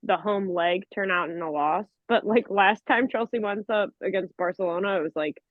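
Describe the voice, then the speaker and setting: A woman co-hosting a sports podcast, offering knowledgeable, measured and enthusiastic analysis over a remote call. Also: mid-range voice, no echo. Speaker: podcast co-host. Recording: tinny call audio.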